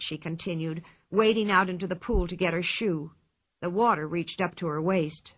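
A woman narrating a children's storybook with expressive telling. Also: on the low side, moderate pace. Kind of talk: storybook reading.

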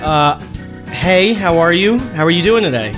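A man hosting an improvised comedy podcast, interviewing in a halting, stammering way. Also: sits high, music in the background. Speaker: podcast host.

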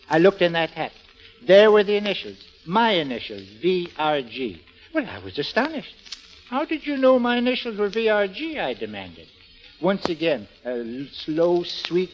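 Radio-comedy husband: earnest, wordy guy, slightly high voice, lo-fi. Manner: earnest, flowery storytelling. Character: earnest, self-important middle-aged husband. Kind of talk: 1930s radio comedy acting. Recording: dull old radio broadcast.

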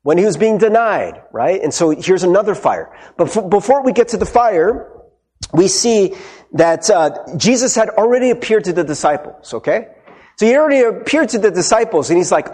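A man's voice: high-pitched, big pitch swings, normal speed, a little mellow, slightly rough. A male pastor preaching a casual, conversational sermon. He tags his points with "right?" and acts out the quotes he retells. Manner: tags many sentences with "right?"; acts out quoted speech in character.

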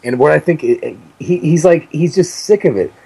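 A man co-hosting casual comedic banter, laughing often, profane and animated. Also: fairly high pitch, moderate pace, gravelly, husky, no echo, low-quality recording. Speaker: podcast co-host.

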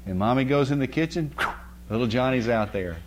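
A man delivers a sermon in a folksy, storytelling way, pausing to ask his listeners "right?" His voice sits at a middle pitch for a man. A faint hum runs under the recording. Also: animated. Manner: folksy storytelling with rising emphasis and frequent "right?" checks. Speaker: pastor.

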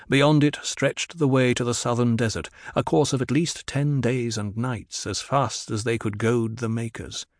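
A man's voice: mid-range voice, no echo, studio quality. Man reading an audiobook narration.

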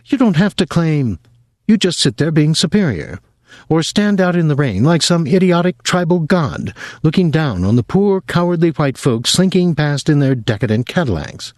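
A man putting on a shrill, bitter young woman. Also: big pitch swings, moderate pace, darkish tone, no room sound, studio quality. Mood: scornful.

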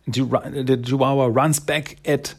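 Husky guy rambling thru a story, fixes his own slips a lot. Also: mid-range voice, little pitch movement, a little slow. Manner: rambling, self-correcting, laughs often. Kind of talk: casual story retelling.

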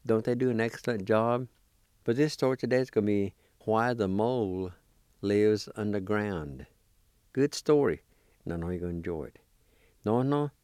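A man introducing a story on a radio program, friendly and unhurried. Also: fairly low pitch, darkish tone, clear, resonant tone, no room sound, clean studio sound. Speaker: host.

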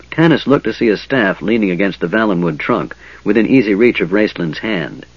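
A man narrating a fantasy novel in a dramatic, expressive reading. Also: fairly low pitch, brisk, hardly any pauses, slightly rough, dry recording, dull audio. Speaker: audiobook narrator.

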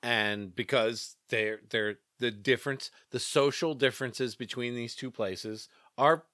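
A man's voice: medium pitch, measured pace, a bit bright, dry recording, studio quality. A Southern man hosting a casual chat who teases his friends and laughs easily.

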